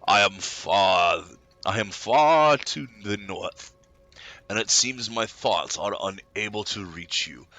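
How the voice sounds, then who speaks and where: Low, formal alien overlord in a stiff put-on accent, dry close sound, as a gamer reads a letter aloud. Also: male voice, bright, forceful tone, no echo, heavily acted. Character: cold commanding otherworldly overlord writing a letter. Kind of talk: reading an in-game letter aloud in a voice.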